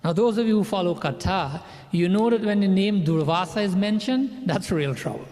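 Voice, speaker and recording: A man's voice: high-pitched, lively intonation, normal speed, darkish tone, in a large hall. A man, a pandit, telling a religious story in a sermon and acting out the characters' lines.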